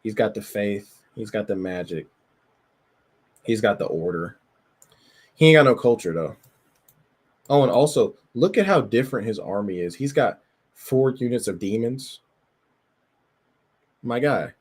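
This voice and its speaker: A man's voice: medium pitch, a little mellow, husky. A man streaming, chatting casually and profanely as he looks over a tabletop game, laughing often. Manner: loose, profane, laughs often, rambling with filler words. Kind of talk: casual chat while browsing a tabletop game.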